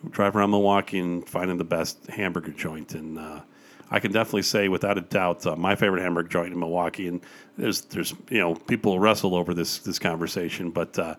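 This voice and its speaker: An older man with a lowish voice, chatting easily as a guest. He tells stories with eager enthusiasm and scatters "uh" and "you know" through his sentences. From Wisconsin, USA. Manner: enthusiastic storyteller with frequent fillers. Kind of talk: casual chat.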